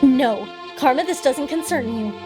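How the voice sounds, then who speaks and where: A woman's voice: a little high, brisk, music in the background, lightly acted. A woman reading the lines of a blunt, protective sibling who confronts their brother, in her own voice. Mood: confrontational.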